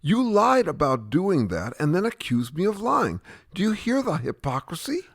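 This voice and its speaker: A man's voice: high-pitched, big pitch swings, normal speed, gravelly, heavily acted. A man playing an earnest questioner in a satirical sketch dialogue, pressing with incredulous, patient questions. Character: earnest male questioner who can't keep up.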